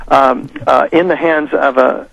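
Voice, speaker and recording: A man being interviewed as a guest on a talk radio show, speaking haltingly with many pauses and fillers. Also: mid-range voice, steady tone, vocal fry, fairly bright tone, muffled recording.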